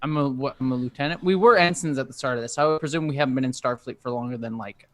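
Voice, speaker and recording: A man's voice: medium pitch, rapid-fire, fairly bright tone. A man playing a tabletop role-playing game, joking around and restarting his sentences. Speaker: player. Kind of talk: casual tabletop game chat.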